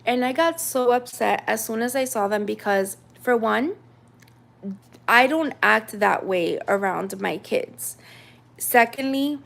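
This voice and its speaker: A woman's voice: a little high, takes it slowly, creaky. A woman in her thirties from the United States, telling a personal story in a chatty, casual way with lots of fillers. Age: 30s. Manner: chatty, animated retelling with many fillers.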